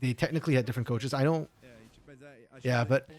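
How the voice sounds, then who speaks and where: A man's voice: medium pitch, a little fast, a little mellow. A man co-streaming an esports match, talking in a chatty, laid-back way and answering chat. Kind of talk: casual live-stream commentary.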